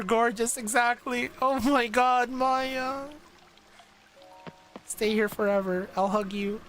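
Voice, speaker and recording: A man's voice: extremely high pitch, steady tone, a little slow, fairly bright tone, soft background music. A man streaming a live reaction to a game story, talking emotionally and stammering as he gushes.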